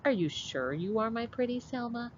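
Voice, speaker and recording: A woman voicing a doting, easily fooled old grandmother in a high sing-song storybook voice. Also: expressive, normal speed, close to an everyday voice. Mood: puzzled. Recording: dull lo-fi with faint hiss.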